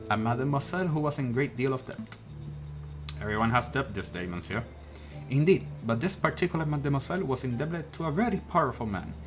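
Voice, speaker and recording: A man voicing a suave male con-man bird who poses as a Spanish prince and tells things as a smooth, theatrical story. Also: medium pitch, lightly acted. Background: game music.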